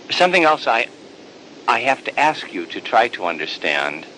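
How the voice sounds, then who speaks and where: A man voicing a loving older father who speaks to his son softly and tenderly, with halting repeats. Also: on the low side, animated, a little hiss or hum, pitched below the performer's own voice, heavily acted, rough recording.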